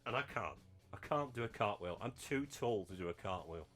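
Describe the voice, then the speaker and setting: A man hosting a gaming channel, giving excitable live commentary on a football management game and bursting into shouts and laughter at big moments. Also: fairly low pitch, fairly quick, soft background music.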